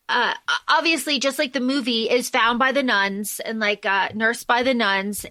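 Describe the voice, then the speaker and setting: A woman's voice: fairly high pitch, no echo. A woman hosting a podcast, eagerly retelling a story in casual chat, full of fillers and restarts. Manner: animated plot retelling with many fillers. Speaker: podcast host.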